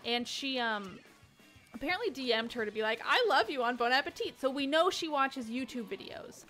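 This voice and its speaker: A woman chats loosely and eagerly while hosting a charity game stream. She reads donation messages out loud and riffs on them. Her voice sits a bit high. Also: normal speed, soft background music. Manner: excitable, reads donations aloud. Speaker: host. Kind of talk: casual stream chat.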